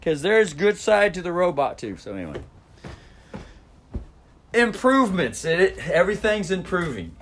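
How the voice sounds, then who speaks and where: A man's voice: high voice, sing-song, normal speed, long pauses, slight background noise. A man recording himself at home for a vlog, talking in a rambling, repetitive way about how to use the voice and swearing freely. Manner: profane, repetitive, demonstrates voice sounds. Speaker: vlogger. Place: indoors at home. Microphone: phone or camera mic.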